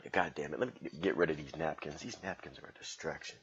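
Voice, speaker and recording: A man's voice: rumbling low, animated, slow, pauses often, pushed and bright, dull audio, a little hiss or hum. A man hosting his own comedy podcast at home, joking around in loose slangy street talk. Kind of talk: casual solo podcast monologue.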